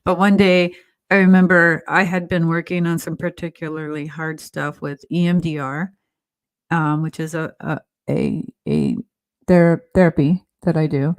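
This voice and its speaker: A middle-aged woman talking earnestly in a casual, heartfelt conversation, often halting and restarting. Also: sits low. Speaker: podcast host.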